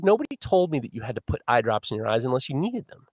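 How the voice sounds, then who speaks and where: A man hosting a live podcast, telling a long story in a lively, swearing manner. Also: a little high, fast talker, no room sound, clean studio sound. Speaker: podcast host.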